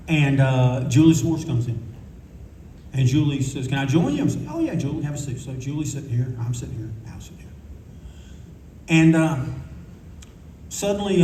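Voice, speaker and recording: A man's voice: mid-range voice, warm tone, a little hiss or hum. An older man telling rambling anecdotes at a convention panel, acting out what others said. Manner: rambling, acts out quotes of others. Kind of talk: casual anecdotal storytelling. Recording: echoey room from a distance, faint ambience.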